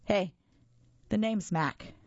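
A woman playing a big sloppy monster, slurping and whining, gravelly and loud, for a bedtime story. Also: mid-range voice, takes it slowly, no room sound, muffled recording, voice pushed up. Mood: whiny. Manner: slurping and whiny. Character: big scruffy slobbering boy monster.

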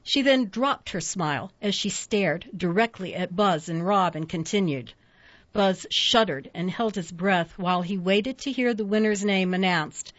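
A woman narrating a storybook at a steady pace, giving each character its own voice. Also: medium pitch, measured pace, no echo. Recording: dull lo-fi dry recording.

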